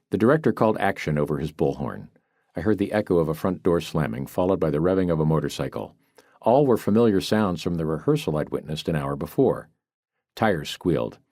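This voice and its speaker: Deep-voiced man narrating an audiobook. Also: a little mellow, no echo, studio quality. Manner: wry, brisk, wisecracking storytelling. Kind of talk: first-person scripted narration. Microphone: studio microphone, close.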